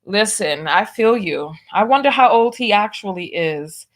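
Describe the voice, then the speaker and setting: A woman's voice: mid-range voice, animated, a little slow. A woman hosting her own show, giving preachy commentary and reading viewer donations aloud, with big swings in emphasis. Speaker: show host.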